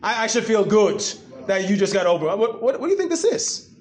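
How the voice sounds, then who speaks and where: A man preaching a sermon to a church congregation, animated and full of rhetorical questions. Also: high voice, fairly quick. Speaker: pastor.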